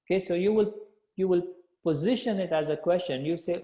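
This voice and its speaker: A man's voice: sits high, brisk, mellow. A man teaching a live sales workshop, repeating key phrases and checking in with listeners with "okay?". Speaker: sales coach. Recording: echoey room sound.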